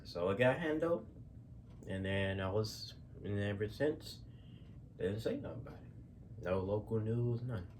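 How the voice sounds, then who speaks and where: Guy telling stories off the cuff, lots of ums and restarts, lowish voice, faint hum behind. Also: expressive, measured pace, pauses often, darkish tone. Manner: rambling, with many fillers and restarts, casual slang. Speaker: storyteller. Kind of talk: casual spoken storytelling.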